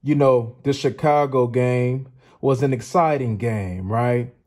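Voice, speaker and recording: A man hosting his own channel, giving an excited football film breakdown, laughing often and repeating his points for emphasis. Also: medium pitch, slow. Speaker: sports channel host.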